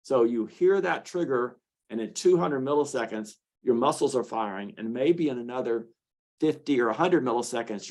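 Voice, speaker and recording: Man lecturing in a relaxed, chatty way. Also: medium pitch. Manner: conversational with frequent fillers and restarts; tells patient stories with acted quotes. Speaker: clinician presenting a treatment model. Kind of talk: lecture to an audience.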